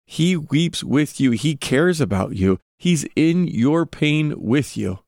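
A man's voice: on the high side, expressive, takes it slowly, gravelly, darkish tone, dry recording, studio quality. A man hosting a podcast, giving earnest devotional Bible teaching and putting direct questions to his listeners.

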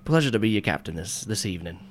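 A man's voice: lowish voice, animated, racing, a little hiss or hum, close to an everyday voice. A man voicing a jolly, grizzled old pirate boat captain who hams up his pirate talk.

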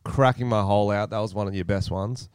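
Australian guy, 30s, podcast co-host, animated storyteller who swears freely, smooth resonant voice, dry close mic. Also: fairly low pitch, brisk, no echo. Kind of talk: casual podcast chat.

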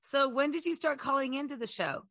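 A woman's voice: sits high, brisk, fairly bright tone, dry recording. A woman co-hosting a podcast, answering in short, encouraging replies. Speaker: podcast co-host. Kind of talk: casual remote chat.

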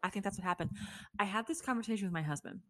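A woman's voice: mid-range voice, expressive, racing, a bit bright, dry recording. Young woman podcaster ranting, blunt and sweary, lots of "like", dead dry sound. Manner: opinionated, blunt, swears freely, peppered with "like". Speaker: podcast host. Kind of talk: casual opinion rant.

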